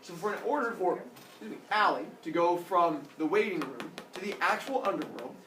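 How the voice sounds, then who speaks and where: A male teacher telling a story to his class in an animated way, acting out characters with sound effects. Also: sits high, brisk, slight background noise. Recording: echoey classroom from far off.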